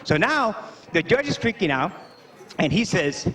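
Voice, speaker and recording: An actor playing a Puerto Rican stand-up comedian who tells rambling stories full of fillers. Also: male voice, sits high, measured pace, heavily acted. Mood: storytelling. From Puerto Rico. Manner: rambling, animated storytelling with many fillers.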